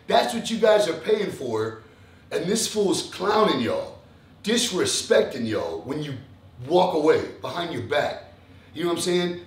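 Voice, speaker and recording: A man's voice: sits high, reverberant, far from the mic. A young man from Texas ranting profanely to viewers, mocking others in put-on voices. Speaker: fitness vlogger. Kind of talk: casual ranting monologue.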